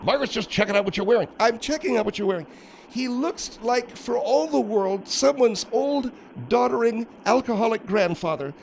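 A man's voice: very high-pitched, expressive, normal speed, vocal fry, a little hiss or hum, voice pushed up, heavily acted, low-quality recording. A man putting on a prying, mocking older woman. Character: nosy older woman, fussy and critical.

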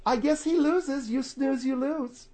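A woman co-hosts a radio show and argues her point in a needling, indignant tone. Her voice sits a little high for a woman. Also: measured pace, dark tone. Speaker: radio co-host. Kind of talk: casual radio banter.

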